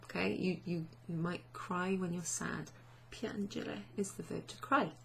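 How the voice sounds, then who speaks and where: A woman's voice: on the low side, measured pace, creaky, fairly bright tone, a little hiss or hum. A woman teaching a chatty, self-deprecating online language lesson, often asking learners questions.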